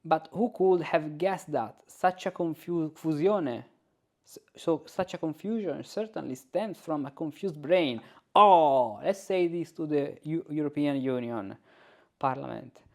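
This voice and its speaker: Slow-talking male composition teacher. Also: fairly high pitch. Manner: sings rhythms and note syllables aloud to demonstrate, thinking out loud. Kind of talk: informal composition lesson.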